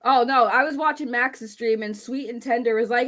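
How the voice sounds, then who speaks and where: A woman's voice: a little high, brisk, a bit bright. A woman guest on a casual livestream chat, insisting emphatically on her side. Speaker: streamer guest.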